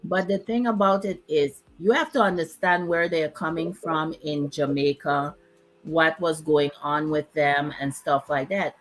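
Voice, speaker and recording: A woman in her fifties hosts a relaxed chat, her voice sitting low and her pace unhurried. She makes her points in short, emphatic phrases, and faint music plays underneath. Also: rough recording. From Dominica. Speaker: host. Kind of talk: casual chat.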